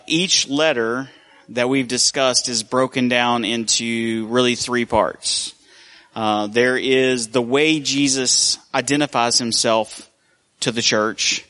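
A man's voice: mid-range voice, fairly bright tone. A man preaching a conversational sermon, telling stories with a shifting pace. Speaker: pastor.

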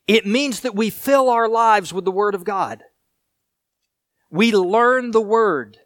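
A man pastor preaching a sermon, reading scripture and explaining it in an earnest way, sometimes raised and sometimes hushed. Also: high-pitched, slow, no room sound.

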